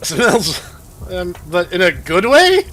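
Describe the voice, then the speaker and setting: A man hosting a game let's play, making wry deadpan asides as he plays. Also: sits high, slow. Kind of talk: casual gameplay commentary.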